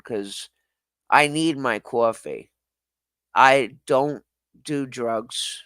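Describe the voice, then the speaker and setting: A man with a medium-pitched, fairly bright voice and no echo hosts a casual livestream. Self-deprecating and profane, he rambles in response to viewer comments, laughing frequently and apologizing.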